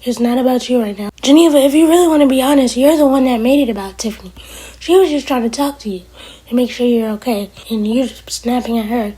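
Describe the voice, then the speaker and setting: A woman casually recapping a TV episode for her vlog, chatty and opinionated, talking back to the characters and sometimes dropping to a hushed near-whisper. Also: sits high, fast talker, slightly rough, low-quality recording. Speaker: TV episode reviewer.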